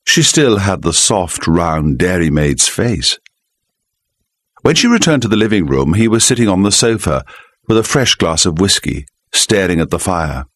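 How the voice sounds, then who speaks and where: A man reading a mystery audiobook, telling the story in a measured, expressive manner into a close microphone. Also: low-pitched, no room sound. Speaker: audiobook narrator. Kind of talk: scripted narration.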